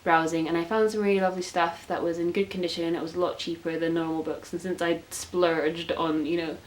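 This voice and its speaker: A woman's voice: lowish voice, little pitch movement, fairly quick, rough recording. A 19-year-old woman chatting casually as a book vlogger, gushing and self-mocking, with lots of filler words. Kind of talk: casual chat. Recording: faint hiss.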